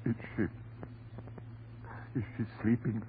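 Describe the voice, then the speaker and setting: An actor playing an anguished husband near madness, in overwrought 1940s radio acting that pleads and cries out. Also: male voice, mid-range voice, monotone, slow pace, close to an everyday voice. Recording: tinny, noisy old radio recording.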